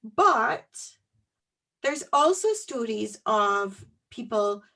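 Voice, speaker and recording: Woman, podcast co-host, casual storytelling, fairly high voice, lively. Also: extremely slow, creaky. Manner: animated storytelling, laughing often. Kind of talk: casual chat.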